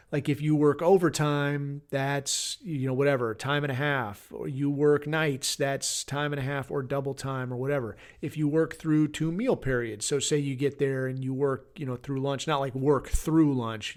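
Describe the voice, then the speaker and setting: A middle-aged man hosting a podcast, rambling through a casual, blunt and heavily profane rant. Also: mid-range voice. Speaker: podcast host.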